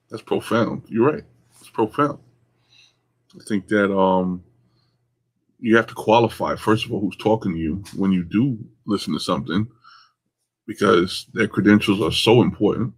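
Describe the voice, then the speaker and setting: A man co-hosting a casual discussion, speaking in a thoughtful, measured way. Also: lowish voice, husky. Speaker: co-host.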